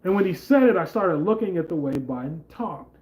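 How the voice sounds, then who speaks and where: A man's voice: high-pitched, expressive, brisk, darkish tone, low-quality recording. A man hosting a casual political commentary vlog, talking in a rambling, conversational way with lots of fillers. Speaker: channel host.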